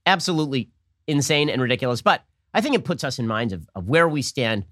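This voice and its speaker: Rapid-fire sarcastic male political commentator. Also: medium pitch, animated, a bit bright, no echo, clean studio sound. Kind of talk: fast-paced political commentary monologue.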